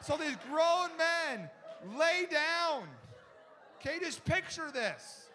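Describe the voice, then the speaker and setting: A pastor tells a funny story from the pulpit, his high male voice bright and sharp. He talks in a chatty, animated way, full of restarts, and acts out the people in his tale. A long reverb from a large hall trails after his words. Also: takes it slowly, a faint crowd, slight background noise. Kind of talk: humorous sermon storytelling.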